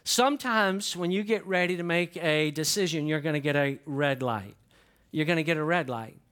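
Animated older preacher, man. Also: fairly high pitch, normal speed. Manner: animated, folksy, asks the congregation questions. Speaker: pastor. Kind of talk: sermon.

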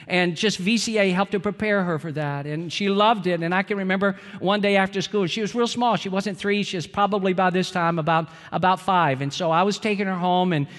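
A man's voice: high voice, fairly bright tone, big-room sound. A middle-aged man preaching a sermon as pastor, earnest and storytelling, repeating phrases for emphasis.

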